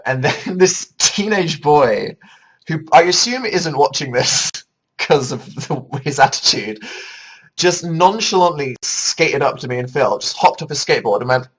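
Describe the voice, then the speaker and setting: A man's voice: mid-range voice, animated, a little slow, poor audio. A man hosting a casual livestream, chatting and reading out viewer comments in a rambling, self-deprecating, jokey way. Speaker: livestream host.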